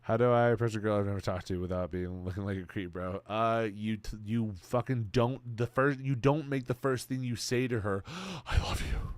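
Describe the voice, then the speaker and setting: A young man streaming live, reading and answering chat in an excitable, casual way, swearing freely and calling everyone "bro". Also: fairly low pitch, normal speed, hardly any pauses, dry recording.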